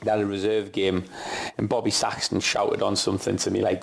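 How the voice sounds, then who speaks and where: A middle-aged man, a former footballer, telling a self-mocking story quickly on a casual podcast. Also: lowish voice, monotone, gravelly. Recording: noisy with clicks.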